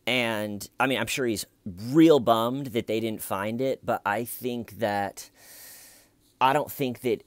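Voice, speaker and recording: A man's voice: medium pitch, takes it slowly, dry recording. A man giving casual, sarcastic commentary on a YouTube video, joking and conversational. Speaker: YouTube true-crime commentator.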